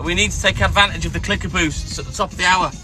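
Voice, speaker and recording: A hoarse man chatting calmly to viewers on a live stream from inside his van. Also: fast talker, soft background music. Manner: keeping his voice calm and low, chatting to viewers. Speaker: livestreamer. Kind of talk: casual live-stream chat.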